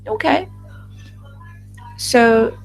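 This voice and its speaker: Halting woman interpreting a group discussion. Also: high voice, big pitch swings, creaky, soft background music, poor audio. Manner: halting, with restarts and fillers. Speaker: voice-over interpreter for a focus group. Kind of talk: live interpreting voice-over.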